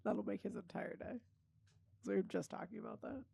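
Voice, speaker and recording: A woman's voice: medium pitch, brisk, gravelly, mellow, breathy edge. A woman hosting a podcast, telling family stories in a casual chat and laughing often. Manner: laughs often, chatty storytelling. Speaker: podcast host.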